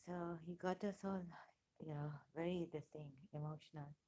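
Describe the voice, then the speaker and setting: A woman's voice: low-pitched, fairly even intonation, normal speed, mellow. A woman vlogging in a rambling personal monologue, hesitant and full of fillers and restarts, with emotional exclamations.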